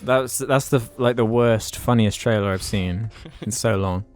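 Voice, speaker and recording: A man's voice: lowish voice, a little slow. A man co-hosting a podcast in casual chat, eager and swearing as he explains. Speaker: podcast co-host.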